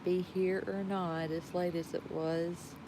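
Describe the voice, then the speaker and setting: A woman's voice: on the low side, little pitch movement, noisy background. A woman from Georgia with a Southern drawl, chatting casually and folksily with viewers on a livestream from home at night. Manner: slow, folksy, laughs often. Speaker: livestream host.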